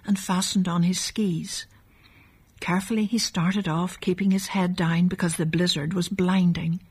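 A woman narrating a children's storybook in a gentle, measured way. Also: mid-range voice, slightly rough.

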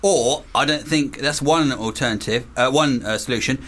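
A man's voice: mid-range voice, moderate pace, fairly bright tone. A man co-hosting a radio show, spinning rambling, absurd jokes. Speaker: radio co-host. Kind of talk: comic radio banter.

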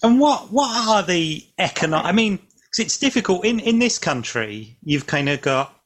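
Man, interviewer, fairly high pitch, halting questions. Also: sing-song, fairly bright tone, slightly rough. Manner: searching questions, halting restarts. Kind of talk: casual interview chat.

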